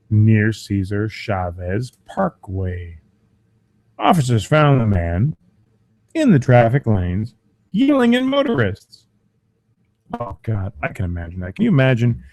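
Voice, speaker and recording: Man, podcast host, strained voice, crude mocking rant, lively swinging pitch, dry close sound. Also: dry recording. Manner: profane, mocking, animated.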